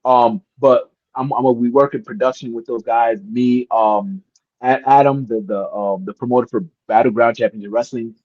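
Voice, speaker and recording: A man guest on an interview, telling stories in a casual, animated way and acting out the voices of the people in them. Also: medium pitch, moderate pace, no echo, muffled recording. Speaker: guest wrestler.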